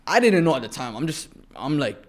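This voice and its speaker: A young man from the Toronto area, a podcast guest telling stories in an animated, slangy way with frequent laughs. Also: fairly high pitch, brisk. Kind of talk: casual storytelling.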